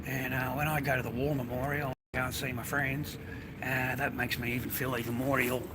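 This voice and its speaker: A brisk Australian vlogger with a mid-range voice and little pitch movement rants to camera on his phone as he walks along a street and path. He's rambling and profane, addressing everyone as mate and bro, over loud traffic and street noise.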